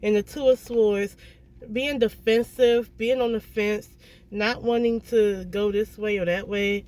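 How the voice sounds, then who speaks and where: A tarot reader giving a casual reading to viewers, blunt and emphatic, swearing freely and often checking in with a quick "okay?". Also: medium pitch, fairly even intonation, a little mellow.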